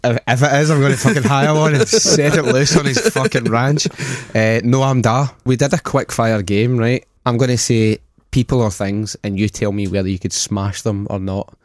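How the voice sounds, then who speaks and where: A man's voice: mid-range voice, fairly even intonation, moderate pace, few pauses, no echo, studio quality. A man with a Scottish accent, a podcast guest in casual chat, telling blunt, sweary stories.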